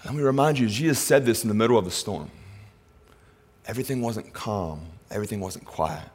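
A middle-aged man preaching a sermon in a church, animated and conversational, swinging between loud excitement and hushed softness. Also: lowish voice, a little fast, breathy edge, in a large hall. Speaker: pastor. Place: church sanctuary.

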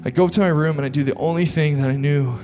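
A man preaching in a slightly higher register, earnest and confessional, his talk loose and full of fillers. His voice rings out with a long hall reverb, and faint music plays underneath. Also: steady tone, quick pace, mellow. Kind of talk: sermon testimony. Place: large hall with an audience.

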